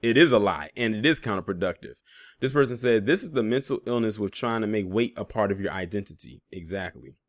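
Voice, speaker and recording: A man's voice: on the low side, fast, no echo, clean studio sound. Sarcastic man reacting to posts. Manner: sarcastic, laughing asides. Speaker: commentary channel host. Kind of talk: reading and reacting to social media posts.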